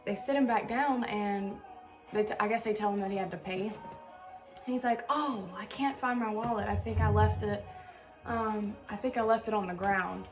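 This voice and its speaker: Young gal rambling thru a story, lots of um and like, some soft music behind her. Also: medium pitch. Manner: chatty, animated storytelling with many fillers. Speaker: vlogger. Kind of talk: casual storytelling Q&A.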